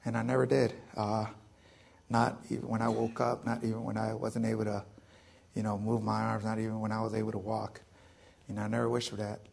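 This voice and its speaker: A man in his thirties, a military veteran, telling his personal story in a public lecture, halting, with many fillers, restarts and joking asides. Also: fairly low pitch, level tone, creaky, darkish tone, breathy edge.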